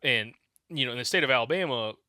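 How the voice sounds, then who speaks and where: Podcast co-host, bright forward voice, plain filler-heavy explainer. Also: male voice, mid-range voice, lively intonation, fast, dry recording, studio quality. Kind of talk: casual hunting podcast chat.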